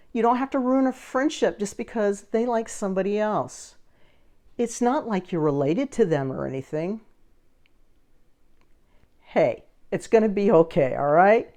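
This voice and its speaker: A woman vlogger telling a story to camera in a casual way, acting out the other people in it. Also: mid-range voice. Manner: animated, acts out the other people in her story. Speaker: vlogger running a social media page.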